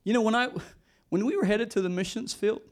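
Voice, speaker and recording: A middle-aged male pastor preaching a sermon in an earnest, animated way, often repeating and restarting his words. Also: high-pitched, fairly quick.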